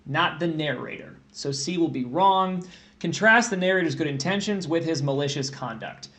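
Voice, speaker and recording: A man's voice: fairly high pitch, a bit bright. A man tutoring test prep on a livestream, joking and thinking aloud while he reads through questions.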